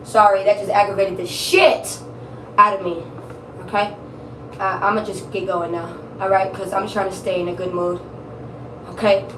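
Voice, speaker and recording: A woman's voice: mid-range voice, level tone, moderate pace, long pauses, reverberant, far from the mic, noisy background. A woman giving a casual tarot reading, blunt, emphatic and profane, repeating her points for stress. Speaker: tarot reader.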